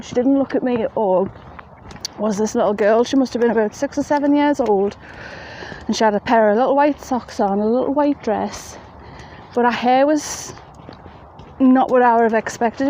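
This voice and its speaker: A woman's voice: fairly high pitch, dark tone, poor audio. A woman telling a ghost story in a chatty, plain-spoken way, outdoors at night in the rain. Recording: faint rain noise behind.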